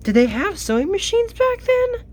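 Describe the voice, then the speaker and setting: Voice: extremely high pitch, big pitch swings, moderate pace, darkish tone. A commentator recapping a cartoon in casual comedic commentary, exasperated, with laughing asides.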